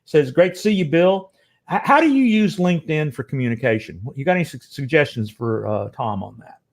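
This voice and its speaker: A man's voice: a little high, animated, brisk. Chatty male live-show host. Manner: chatty, restarts often, enthusiastic. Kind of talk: casual live-show chat.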